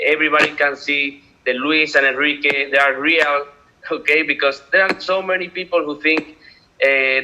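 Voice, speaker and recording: Bright-voiced man, hesitant English. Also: a little high, low-quality recording. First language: Spanish. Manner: hesitant, searching for words in English. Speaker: guest speaker from the office. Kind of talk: online video call talk.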